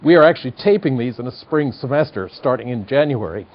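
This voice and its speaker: A man's voice: medium pitch, expressive, fast. A man in his sixties with a General American accent and a slight Midwestern twang, giving a university psychology lecture in a wry, chatty, digressive way. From United States. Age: 60s. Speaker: psychology professor. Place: studio classroom. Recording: dull lo-fi lecture tape.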